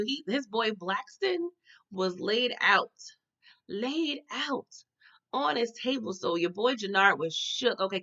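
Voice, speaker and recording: Bright, gravelly-voiced woman recapping TV. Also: a little high, lo-fi sound. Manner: animated and slangy, addresses viewers as "y'all". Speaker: TV recap host. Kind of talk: casual TV episode recap.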